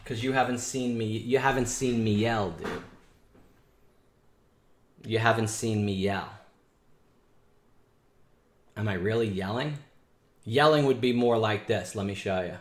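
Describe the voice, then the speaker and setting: This day trading show host speaks at a measured pace with frequent pauses, his voice fairly low. Live on stream from an echoey room, he uses casual slang, talks bluntly, and scolds while going over trades.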